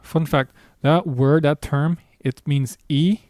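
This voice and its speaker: A man's voice: fairly high pitch, steady tone, slow, a little mellow, no echo, studio quality. A man teaching a beginner language lesson, explaining patiently in a casual way with small asides. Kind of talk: recorded online lesson.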